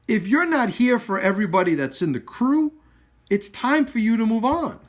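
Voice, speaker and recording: A man with a high, lively voice gives a blunt live-video rant about his martial arts school. He swears freely and drives each point home with hard emphasis. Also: moderate pace. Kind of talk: blunt, profane direct-to-camera rant.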